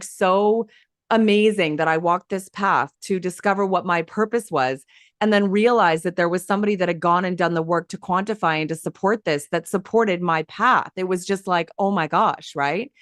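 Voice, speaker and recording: A woman guest telling her story in an interview, lively and emphatic, acting out quoted dialogue as she goes. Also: lowish voice, normal speed, no echo, clean studio sound. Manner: animated, acts out quoted dialogue; emphatic and enthusiastic. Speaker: hypnosis coach and guest.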